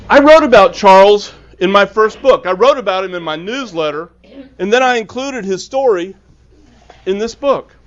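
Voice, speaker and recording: A man, an author, giving a storytelling talk to a club, earnest and acting out the dialogue. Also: sits high. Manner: earnest, acts out quoted dialogue. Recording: dull lo-fi recording.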